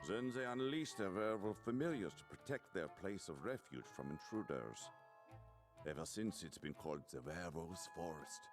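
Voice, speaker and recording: A worldly old gentleman from an anime, genial and measured as he tells his tales. His voice sits very deep but swings widely in pitch, and a soft music score runs beneath him. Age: older. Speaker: anime character. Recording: anime clip with score underneath. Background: background music.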